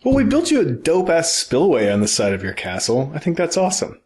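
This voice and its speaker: A man's voice: a little high, wildly swooping pitch, brisk, a little mellow, slightly rough. Joking young man on a gaming podcast. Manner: laughs often, joking. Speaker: podcast co-host. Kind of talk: casual gaming podcast chat.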